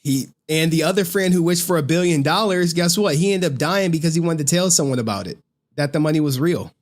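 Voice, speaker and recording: A male streamer talking casually, swearing freely and slipping into voices to act out scenes. His delivery is lively and loose, like chatting with viewers. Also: fairly high pitch, fairly quick. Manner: animated, profane slang, acts out scenes with voices. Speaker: streamer recapping a horror movie.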